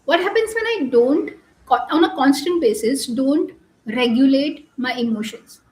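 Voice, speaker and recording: A woman coach giving an earnest live talk on emotional regulation, explaining slowly with many restarts and pauses. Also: sits high, lively intonation, a little mellow, reverberant, poor audio.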